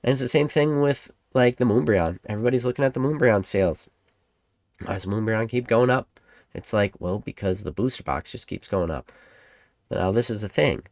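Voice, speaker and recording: Low-voiced guy rambling about card prices to camera, acts out what people would say, dry close mic. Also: moderate pace, no echo. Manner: animated, rambling, acts out imagined replies. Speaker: Pokemon card collector and channel host. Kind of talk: casual monologue to camera.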